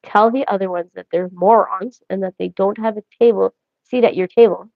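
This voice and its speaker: A woman's voice: mid-range voice, fairly even intonation, normal speed, creaky, no room sound. A woman hosting a casual livestream, rambling and joking as she talks straight to her viewers. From Canada. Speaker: livestream host. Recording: dry, dull lo-fi audio.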